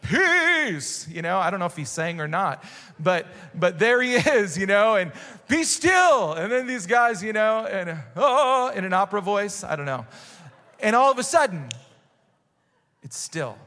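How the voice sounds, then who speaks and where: Pastor, male, higher register, animated storyteller, echoing hall sound. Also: normal speed. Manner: animated storytelling with dramatic voiced exclamations. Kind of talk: sermon. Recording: long hall reverb.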